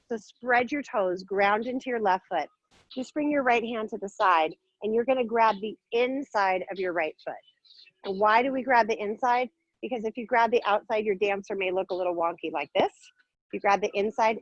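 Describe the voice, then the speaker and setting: A woman's voice: mid-range voice, a little fast, no room sound, lo-fi sound. A woman teaching a yoga class, giving upbeat, playful cues while moving and a little out of breath. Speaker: yoga instructor. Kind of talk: guided yoga class instruction.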